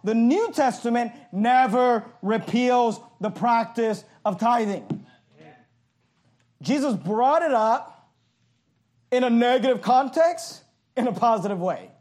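A man preaching a passionate sermon, reading scripture slowly and emphatically and adding sarcastic asides. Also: very high-pitched, animated, darkish tone. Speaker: pastor.

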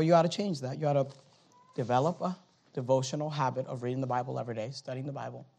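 A man preaches as a pastor in church, alternating between quiet, low talk and loud, high exhortation, with repeated phrases and halting, stammered restarts.

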